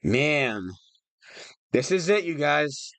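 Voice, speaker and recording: A man's voice: on the high side, sing-song, very slow, vocal fry, fairly bright tone, dry recording. Rambling young man livestreaming. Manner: rambling, emotional, many restarts. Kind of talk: casual livestream chat.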